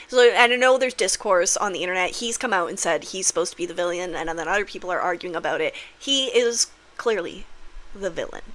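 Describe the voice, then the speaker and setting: A woman with a bright, crisp voice talks straight to camera in a loose, opinionated vlog. She is candid and swears freely. She slips into big, acted-out voices when she retells scenes. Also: on the high side. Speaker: manifestation vlogger. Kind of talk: casual opinionated monologue.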